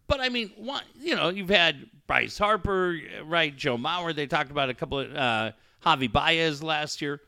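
A man with a bright, forceful voice tells stories in casual podcast chat, his pitch swinging widely as he acts out the people he quotes. He swears freely, and the sound is dry and close. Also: animated, moderate pace, gravelly, few pauses, no echo. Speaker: podcast co-host.

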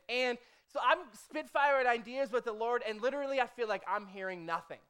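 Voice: medium pitch, brisk, clean tone. A pastor preaching a sermon, telling a personal story in a chatty way, often tossing in "okay?" and "right?" and acting out their own prayers. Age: adult, formerly a motivational speaker. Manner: conversational, punctuates with "okay?" and "right?"; lively storytelling, acts out own quoted prayers.

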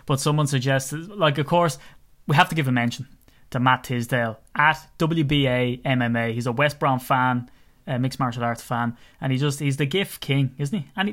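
A man's voice: medium pitch, fairly bright tone. A young Irish man co-hosting a sports podcast, telling rambling stories and laughing often in casual chat. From Ireland. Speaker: podcast co-host.

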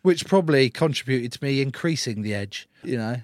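A man's voice: mid-range voice, brisk, no echo. An English man with a mid-range voice talks as an interview guest, loose and joking, dropping the odd swear word. The sound is dry and close, with no room ring at all. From England. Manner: laid-back, swearing, joking storyteller. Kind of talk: casual interview chat.

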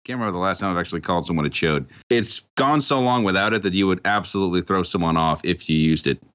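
A man's voice: sits low, fast, fairly bright tone, no room sound, highs cut off. A man telling jokes and riffing in profane, casual banter with friends. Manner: riffing storyteller, laughs, swears.

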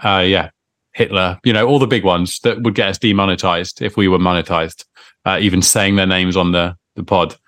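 Low-voiced man, jokey podcast chat. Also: a bit bright, dry recording, clean studio sound. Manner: chatty, jokey, history trivia asides. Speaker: podcast co-host. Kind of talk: casual chat.

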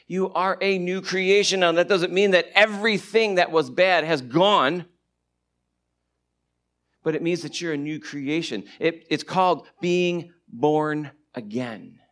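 A man preaching a sermon and teaching from the Bible, animated, swinging between loud stretches and hushed asides. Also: on the high side, unhurried. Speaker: pastor.

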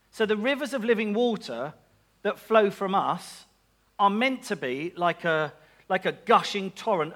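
Male preacher, high voice, casual sermon delivery with playful asides. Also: a bit bright. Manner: chatty and self-mocking, with asides and laughs.

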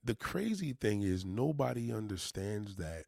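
A man's voice: low-pitched, moderate pace, gravelly, darkish tone, dry recording, studio quality. A man with a New York accent, talking to his viewers in a loose, profane, rambling way with motivational asides. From New York City. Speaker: vlogger. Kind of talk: casual monologue to viewers.

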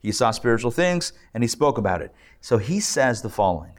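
A man's voice: medium pitch, sing-song, brisk. A man, a rabbi, teaching a live class in a joking, conversational way and checking in with his audience. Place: lecture room with a live audience and online viewers.

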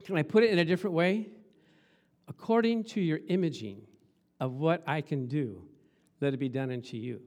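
A man's voice: a little high, moderate pace, pauses often, a little mellow. A man preaching a sermon, acting out Bible scenes and laughing often as he talks. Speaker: pastor.

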